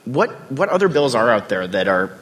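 A man's voice: mid-range voice, big pitch swings, moderate pace, a bit bright. A man interviewing on a panel, asking questions in a loose, conversational way.

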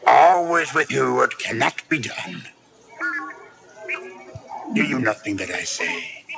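A man voicing a tiny ancient alien master, wise and stern, with a croaky gravelly voice and back-to-front word order, in a film clip with orchestral score behind. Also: mid-range voice, big pitch swings, a crowd in the background, heavily acted. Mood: scolding. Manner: slow, deliberate teaching.

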